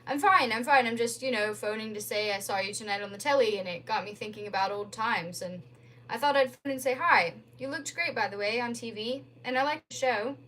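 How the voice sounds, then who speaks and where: A woman's voice: on the high side, a little fast, fairly bright tone, slight background noise, lightly acted, low-quality recording. Woman reading a fumbling young father. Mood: awkward. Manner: fumbling, hesitant and awkward. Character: awkward, self-pitying young father.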